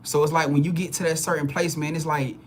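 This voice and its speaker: Blunt, profane man with a high voice. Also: flat delivery, quick pace, slight background noise. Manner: blunt, profane, preachy and emphatic; repeats words and restarts phrases when heated. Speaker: spiritual reader. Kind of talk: live reading to viewers.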